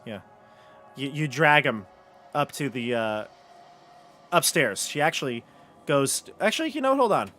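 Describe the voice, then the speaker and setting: A man narrating a tabletop game as game master, in a casual, halting way. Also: medium pitch, sing-song, pushed and bright.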